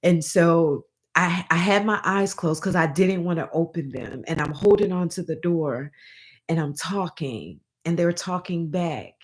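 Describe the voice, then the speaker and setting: A woman's voice: on the low side, unhurried. A woman vlogger telling a personal story in a rambling, emotional way, often restarting and calling her viewers y'all.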